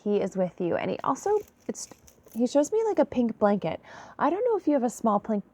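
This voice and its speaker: A tired woman giving a late-night intuitive reading to her viewers, soft-spoken and apologetic. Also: fairly high pitch, big pitch swings, a little fast. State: tired, yawning. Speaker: intuitive reader.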